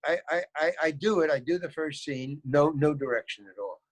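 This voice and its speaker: Older male actor guest, higher-than-usual voice, loose rambling storyteller, dry close recording. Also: normal speed, dry recording, poor audio. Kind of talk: casual interview storytelling.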